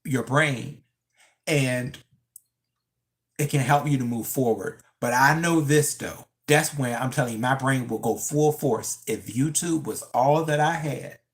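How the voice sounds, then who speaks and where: A live-stream commentator talking casually into a phone, chatting straight to the viewers and jumping up in pitch when teasing them. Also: unhurried.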